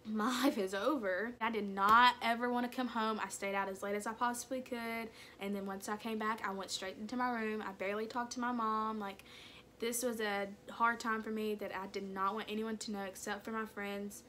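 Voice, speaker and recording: A woman's voice: medium pitch, flat delivery, brisk, slight background noise. A young woman vlogging a candid personal story in casual speech, full of "like" and "kinda" fillers. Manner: candid, soft-spoken about hard memories.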